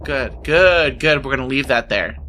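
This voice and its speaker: A man playing in a tabletop game, reacting in an animated way. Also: mid-range voice, moderate pace, slight background noise. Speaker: tabletop player.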